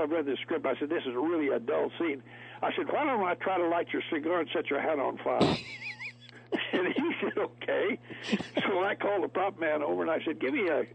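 A man's voice: on the high side, gravelly, husky. A man telling folksy stories as a guest, laughing often. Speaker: actor guest. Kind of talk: storytelling interview. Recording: tinny phone line, radio.

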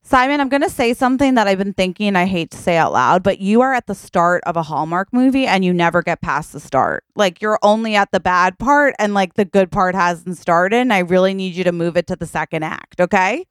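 A woman's voice: mid-range voice, fairly quick, hardly any pauses, smooth, no room sound, natural voice. Woman playing an exasperated podcast partner. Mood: lively. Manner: animated and bossy, explaining at length. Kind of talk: improvised comedy sketch.

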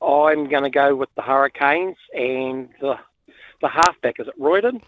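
A man's voice: mid-range voice, moderate pace, no room sound. A man calling in to a radio show, laid-back and friendly. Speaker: caller. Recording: tinny phone line.

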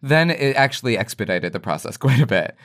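A man chatting as a podcast guest, telling stories in a lively way and laughing easily. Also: medium pitch, a little fast. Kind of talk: casual conversation.

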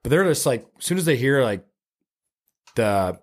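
A young man from Canada chatting casually as a podcast guest, telling stories in a loose, relaxed way with lots of "like". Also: medium pitch, normal speed. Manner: relaxed storytelling, heavy use of "like". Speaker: guest, professional hockey player.

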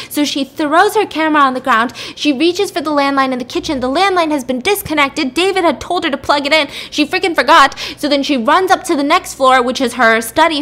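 A young woman with a voice pitched a little high tells a story to her listeners. She talks casually and stays animated, acting out the characters' lines and throwing in playful swears. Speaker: podcast host.

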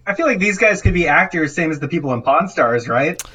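A man co-hosting a podcast, teasing his co-host with quick quips in casual chat. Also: a little high, lively intonation, bright, forceful tone, husky.

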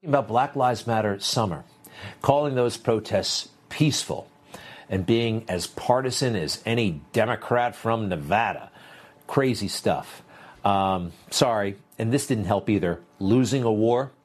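A man's voice: lowish voice, unhurried. A man hosting political commentary, sarcastic and dismissive in his opinions.

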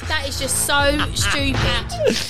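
A woman's voice: high voice, huge pitch swings, slow pace, loud music behind the voice. A woman co-hosting a casual quiz chat, playful and teasing. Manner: playful, teasing, laughs often. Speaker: co-host.

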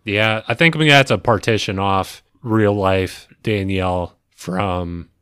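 A man's voice: lowish voice, takes it slowly, a bit bright, smooth, dry recording. A man co-hosting a podcast in casual chat, making wry, dry asides. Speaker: podcast co-host.

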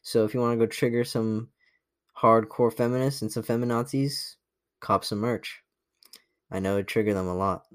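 A young man hosting a podcast tells a boastful dating story in a casual monologue, cocky and profane and laughing along the way. His voice is fairly low with fairly even intonation at normal speed, recorded in studio quality with no echo.

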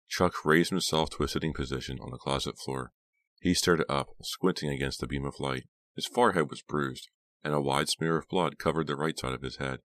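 A man narrating a horror novel in a measured, scripted reading. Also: extremely low pitch, a bit bright, no room sound. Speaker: audiobook narrator.

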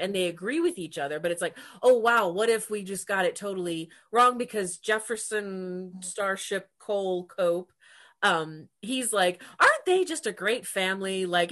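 A woman's voice: mid-range voice, a bit bright. A woman co-hosting a casual book chat, talking animatedly, laughing often and acting out characters' lines. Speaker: podcast co-host.

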